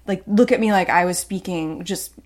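A woman's voice: fairly low pitch, normal speed. A woman co-hosting a podcast in casual chat, jokey and chatty, acting out voices in her stories. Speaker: podcast co-host.

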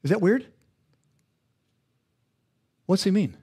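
A man's voice: high-pitched, lively intonation, takes it slowly, warm tone, husky. A male pastor preaching a sermon in a conversational, interactive way, often asking the congregation questions.

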